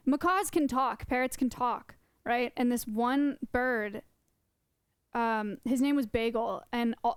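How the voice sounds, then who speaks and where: A woman's voice: fairly high pitch, smooth, no echo, clean studio sound. A young woman live-streaming, chatting casually with her viewers in a rambling way. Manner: chatty, rambling, laughs often. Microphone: close desk mic.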